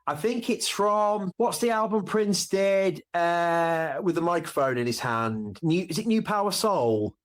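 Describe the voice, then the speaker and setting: Man, podcast guest, lively pitch swings, animated storyteller who acts out scenes. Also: a little slow, hardly any pauses. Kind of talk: casual chat.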